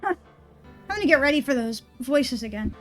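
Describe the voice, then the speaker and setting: An excitable young woman streaming a game, chatting to her viewers in a high voice, cursing and laughing freely. Faint game music runs quietly under her talk. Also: normal speed. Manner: excitable, swearing, laughing often, talking to chat. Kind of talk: casual live-stream commentary.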